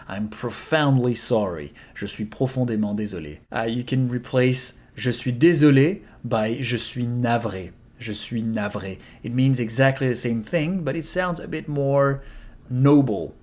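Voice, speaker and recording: A man from France with a French accent, a language coach who models each phrase slowly and repeats it before calmly explaining it. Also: medium pitch. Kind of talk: language lesson to camera.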